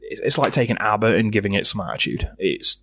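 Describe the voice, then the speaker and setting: A man's voice: on the low side, animated, quick pace, gravelly, a bit bright, dry recording. A man co-hosting a casual music podcast, blunt and opinionated. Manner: blunt, opinionated, hums riffs aloud. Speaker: podcast co-host. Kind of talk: casual chat about music.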